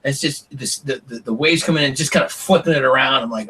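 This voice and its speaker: A middle-aged man guesting on a podcast, telling stories in a lively way, acting out what people said and swearing casually. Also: medium pitch, fast talker, breathy edge, distant mic. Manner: animated storyteller, acts out quotes, swears casually. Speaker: podcast guest, former reality show contestant. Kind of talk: casual storytelling interview.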